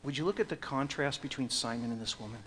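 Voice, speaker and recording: A man preaching an expository sermon, swinging from hushed, slow passages to loud, emphatic ones. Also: mid-range voice, long reverb tail, a little hiss or hum. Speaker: pastor.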